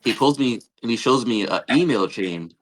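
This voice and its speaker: A man guesting on a live-streamed podcast, telling a casual story in an animated way, acting out what people said and swearing freely. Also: medium pitch, moderate pace. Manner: animated, retells scenes with quoted dialogue, swears casually. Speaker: podcast guest, game creator.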